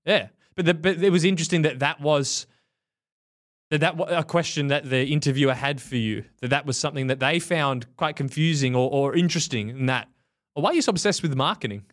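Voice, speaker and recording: A man's voice: fairly high pitch, fairly even intonation, a little fast. A man with an Australian accent co-hosting a casual cycling podcast, talking loosely and laughing mid-sentence. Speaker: podcast co-host. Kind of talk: casual chat.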